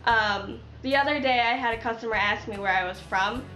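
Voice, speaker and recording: A woman's voice: a little high, brisk, pushed and bright, echoey room, a little hiss or hum. A young woman with a Chicago accent telling stories casually and frankly in a vlog. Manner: chatty, frank, swears freely. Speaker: vlogger.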